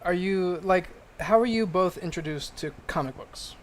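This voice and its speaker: A woman's voice: on the low side, moderate pace, a little hiss or hum. A woman co-host in casual chat, dry and teasing as she puts questions to guests.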